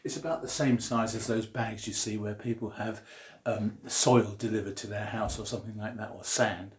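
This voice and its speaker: Jokey science teacher, echoey room. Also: male voice, lowish voice, steady tone, moderate pace. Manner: jokey, punning, explaining while drawing. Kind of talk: comic science lesson. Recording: roomy echo.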